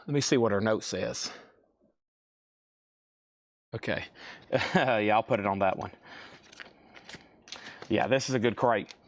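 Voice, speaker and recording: A man hosts a livestream sale, rambling chattily and a bit out of breath as he thinks aloud and calls out items and bids. His voice is fairly low, slow, and creaky, with frequent pauses, in a dry recording.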